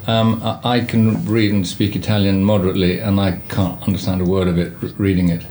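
Man, theatre director, low voice, hesitant, lots of ums. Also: level tone, dark tone, a little hiss or hum. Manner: halting, many fillers and restarts. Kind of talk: casual interview.

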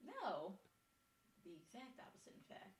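A woman's voice: medium pitch, huge pitch swings, measured pace, breathy edge. A woman co-hosting a casual podcast, scolding and correcting her partner with sarcasm. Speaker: podcast co-host.

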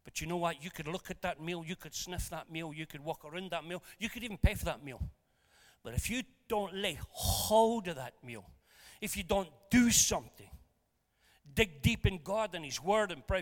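A pastor with a high, bright voice delivers a storytelling sermon full of humour, swinging from loud, lively bursts to quiet asides. The long echo of a church hall rings around his words.

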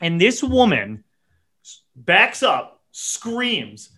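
A man hosting a podcast, telling a story in a profane, animated rant and muttering quick asides. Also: fairly high pitch. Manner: animated and profane, voice jumps up when acting out his own yelling. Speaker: podcast host.

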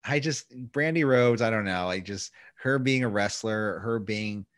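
A man's voice: on the low side, normal speed, no room sound, clean studio sound. A man hosting a casual podcast chat, loose and profane, often slipping into mock voices. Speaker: podcast host.

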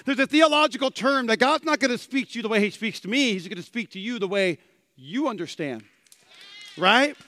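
A man preaching a sermon as pastor, animated and acting out quotes with big swings in loudness. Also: extremely high pitch, brisk, no echo.

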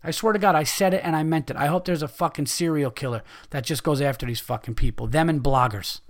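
A middle-aged man hosting a podcast, delivering a profane, angry rant with loud outbursts. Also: on the high side, fast. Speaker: podcast host, comedian.

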